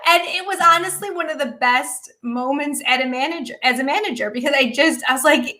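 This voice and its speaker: A woman co-hosting a podcast who tells a story from her work in a lively, casual way. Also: sits high, fairly quick, hardly any pauses. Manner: animated, laughs while telling stories.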